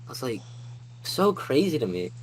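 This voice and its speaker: A man's voice: medium pitch, sing-song, normal speed, husky, low-quality recording. A young man, a podcast guest, telling a long personal story in a rambling way, full of fillers and restarts. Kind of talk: casual storytelling.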